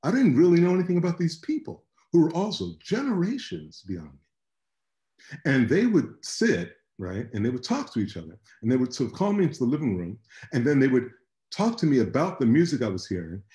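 A man speaking as a panelist on a virtual conversation, halting and repeating words as he thinks. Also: medium pitch, huge pitch swings, mellow, echoey room. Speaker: panelist artist. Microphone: video call.

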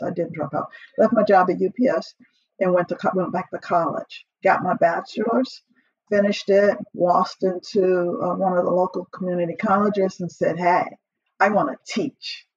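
A middle-aged woman with a slightly husky voice chats as a guest on a podcast. She tells her stories with laughter and acts out her old lines. The sound is dry and a little dull. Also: mid-range voice, no echo. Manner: lively, laughs often, acts out her own quotes. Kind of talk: casual storytelling interview.

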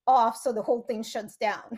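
A woman's voice: on the high side, expressive, moderate pace, darkish tone. A woman, a matchmaker and author, chatting casually on a podcast and often laughing as she retells family stories. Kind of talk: casual chat.

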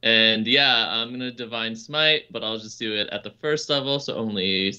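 A man playing a tabletop game who speaks in an unhurried, hesitant way, with many fillers and laughs. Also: lowish voice, pushed and bright, smooth. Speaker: player. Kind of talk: casual tabletop play. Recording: dull lo-fi mic.

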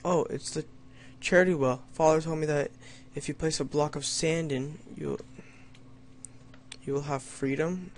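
A man's voice: fairly high pitch, steady tone, measured pace, slight background noise. A young man doing let's play commentary, reading story lines in a mock-dramatic tone and joking wryly at himself. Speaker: gamer playing an adventure map.

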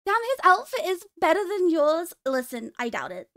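High-voiced playful woman streamer. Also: sing-song, moderate pace, a bit bright. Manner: playful and teasing, laughs often. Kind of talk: casual live-stream chat.

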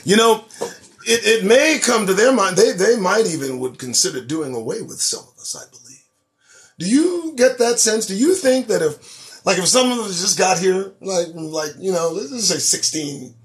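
Animated, preachy man commentator. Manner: animated, preachy and profane, swinging between loud emphasis and low asides. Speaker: host. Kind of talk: political commentary monologue.

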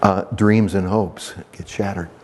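A male pastor preaching a verse-by-verse sermon in a church, emphatic and repetitive, swinging between soft and animated delivery. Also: deep voice, unhurried, a little hiss or hum.

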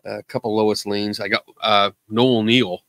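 A man's voice: on the low side, level tone, unhurried, fairly bright tone, no room sound. A man hosting a live call-in show, chatting casually in a joking, self-deprecating way. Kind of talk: casual livestream chat.

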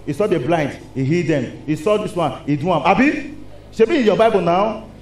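A man with a Nigerian accent preaching a lively sermon in a church, asking the congregation rhetorical questions. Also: high-pitched, brisk. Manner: animated, call-and-response preaching with rhetorical questions. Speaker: pastor. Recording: echoey hall with faint noise.

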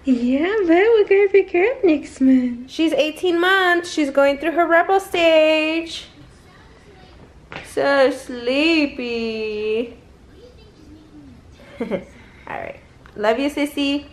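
A woman's voice: high-pitched, extremely slow, long pauses. A woman filming her children at home, talking to them in a sing-song baby voice and laughing often. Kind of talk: casual family vlog.

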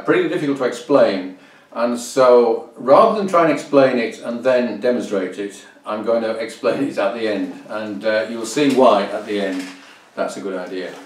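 A man explaining and demonstrating fiddle bowing as a teacher, counting beats aloud and humming rhythms. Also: fairly low pitch. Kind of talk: instructional explanation. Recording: roomy, distant mic, fiddle playing.

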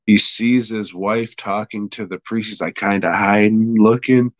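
Casting: unhurried male podcast host, crude and rambling, dry close mic. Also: on the low side, a bit bright, no echo, rough recording. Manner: profane, rambling, laughing recap. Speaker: podcast host reviewing an episode. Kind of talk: casual chat.

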